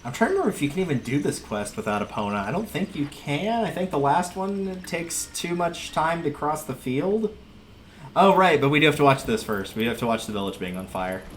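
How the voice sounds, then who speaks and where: A man's voice: on the high side, expressive, fairly quick, slight background noise. Chatty, wry man streaming a game. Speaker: livestreamer. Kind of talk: casual gameplay commentary.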